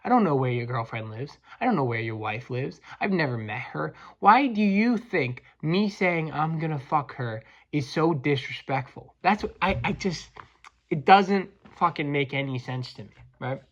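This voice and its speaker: A man's voice: fairly high pitch, animated, normal speed. Crude guy ranting on his podcast, trips over his words a lot, muffled lo-fi audio. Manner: crude, combative, stumbling restarts. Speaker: podcast host, welder. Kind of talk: profane comedic rant.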